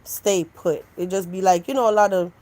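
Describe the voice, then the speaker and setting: A woman hosts a live stream and talks casually with her audience. She is animated and conversational, and she answers their chat messages one after another. Her pitch sits in the middle range for a woman. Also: normal speed, poor audio. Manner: animated, talks back to chat, switches into mocking voices.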